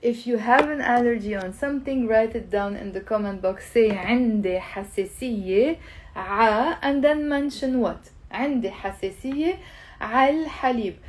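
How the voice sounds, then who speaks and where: An upbeat woman leads a live online language lesson. She coaxes her viewers to repeat after her and says each word slowly. Her voice sits a little high. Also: a little hiss or hum, poor audio. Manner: upbeat, coaxing, repeats words slowly for learners. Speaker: language teacher.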